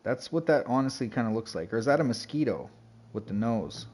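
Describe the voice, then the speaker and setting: This gaming streamer has a mid-range, slightly mellow voice with a breathy edge. He speaks a little fast with lively intonation. He rambles chattily through the livestream, greeting viewers and filling his speech with "like" and "you know."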